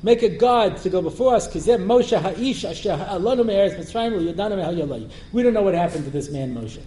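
A rabbi teaches a Torah class in a high, mellow voice. He tells the story with energy, translates Hebrew verses as he goes, and breaks into jokes. The recording is roomy, with a faint hiss underneath. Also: expressive, brisk. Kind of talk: Torah lecture with humorous asides. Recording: roomy lecture-hall recording with faint noise.

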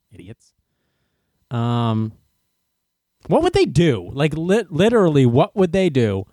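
A man's voice: fairly high pitch, darkish tone, no room sound, clean studio sound. A man venting sarcastically and incredulously in a casual monologue, recorded indoors. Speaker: runner venting to camera. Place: indoors in a room.

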